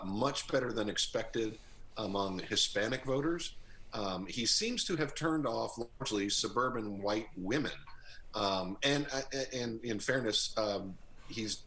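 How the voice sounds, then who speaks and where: A man speaking as a political strategist in a remote news interview, pausing often with ums and uhs. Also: fairly low pitch, fairly bright tone. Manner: hesitant, many ums and uhs.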